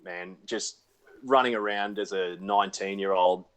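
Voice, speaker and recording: This is a relaxed Australian man chatting as a guest from his home over a video call. His voice sits fairly low, and he tells his stories with a self-deprecating, unhurried ease. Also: smooth. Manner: laid-back, self-deprecating storyteller. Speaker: actor guest. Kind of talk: casual chat.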